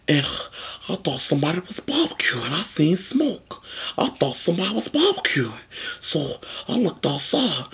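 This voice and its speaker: A man's voice: a little high, husky, pitched above the performer's own voice, exaggerated voice. A man doing a frantic, shrieking fire victim. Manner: breathless, excited, exclaiming. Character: frantic woman fire victim in a news interview. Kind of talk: comic impression.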